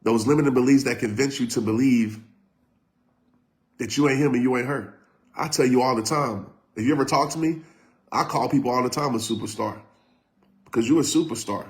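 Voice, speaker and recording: A man speaks to a live online audience in an emphatic motivational style. He hammers his points through repetition and at times rises to a shout. His voice sits at an ordinary male pitch. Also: brisk, long pauses. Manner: talks directly to live viewers. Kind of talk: live-streamed motivational talk.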